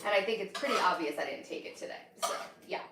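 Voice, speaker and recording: A woman's voice: medium pitch, expressive, fast, noisy background. A hungover woman in her thirties chatting bluntly on a live stream from her kitchen, reading out and answering comments. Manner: chatty, blunt, swings between loud and soft, reacts to chat. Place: home kitchen.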